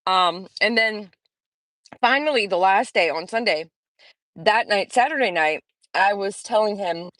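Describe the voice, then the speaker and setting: A woman of middling pitch hosts a casual live stream and chats along in a rambling, friendly way. She stops to greet viewers by name. Her voice is dry and close, with almost no room sound. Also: measured pace, fairly bright tone, dry recording. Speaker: livestream host.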